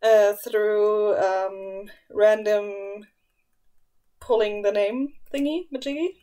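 A woman's voice: mid-range voice, steady tone, slow, warm tone, clean tone. A woman co-hosting a podcast in casual chat, playful and giggly, rambling a little. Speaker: podcast co-host.

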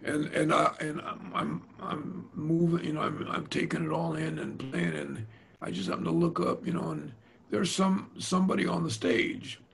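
Gravelly husky older man telling stories. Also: a little high, normal speed. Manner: animated storyteller, slangy and hip, mimics voices. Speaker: jazz drummer telling stories. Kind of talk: casual storytelling interview.

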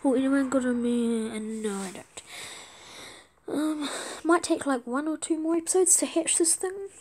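Casual gaming host, woman, chatty and excitable, high voice with a soft, dark tone. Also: moderate pace. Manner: excitable, chatty, pleading for trades. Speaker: gaming video creator. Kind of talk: casual let's-play commentary.

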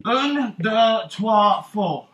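Man playing a showy rum-loving pirate captain for a kids' stage show, very high and bright, roomy theatre hall. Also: expressive, very slow, dull audio, exaggerated voice. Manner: theatrical, teasing, calls out to the crowd. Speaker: stage actor. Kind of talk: live children's stage show with audience banter.

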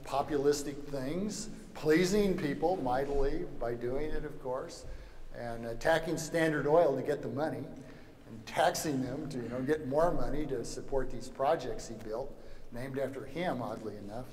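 A man's voice: medium pitch, moderate pace, a little mellow. A man from Louisiana, giving an anecdotal lecture at a summer seminar in a wry, joking manner, full of "you know" asides. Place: lecture hall. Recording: echoey hall, faint background noise.

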